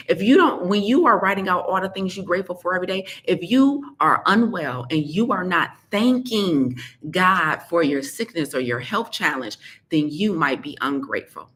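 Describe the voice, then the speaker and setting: With a lowish, fairly bright voice and lively intonation at normal speed, a woman health coach gives a direct motivational talk to listeners. She's sassy and emphatic, repeating points for effect. There's a little hiss or hum.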